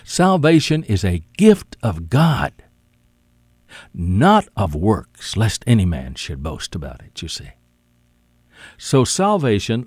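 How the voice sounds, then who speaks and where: A man's voice: fairly low pitch, huge pitch swings, a little mellow, slightly rough, dry recording. A man preaching a sermon, emphatic and repetitive, often calling the listener "my friend". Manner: emphatic, repeats key words, drawn-out phrasing.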